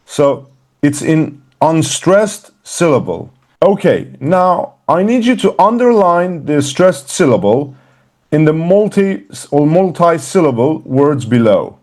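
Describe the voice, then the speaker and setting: Guy teaching english, slow and emphatic, bouncy pitch, repeats words. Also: big pitch swings, darkish tone. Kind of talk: classroom lesson.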